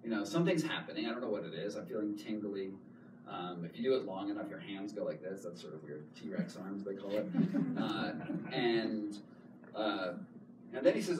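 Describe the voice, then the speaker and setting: A man in his thirties telling a story in an animated talk, repeating words and laughing often as he goes. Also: lowish voice, a little fast. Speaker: author giving a talk. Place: public hall. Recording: echoey hall, distant mic, noise.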